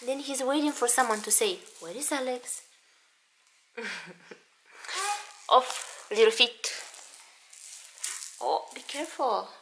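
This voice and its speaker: A woman's voice: on the high side, animated, slow, pauses often, fairly bright tone, a little hiss or hum. A young woman from Romania, playfully talking to her baby in a home vlog with sing-song baby talk and frequent laughter. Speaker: mother and vlogger.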